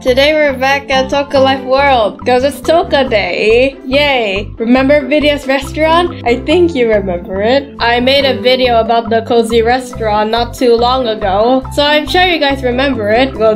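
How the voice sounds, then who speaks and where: Woman host, slightly high voice, playful game narration, soft music behind. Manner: chatty, playful, exclamatory. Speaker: gaming channel host. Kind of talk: casual gameplay narration.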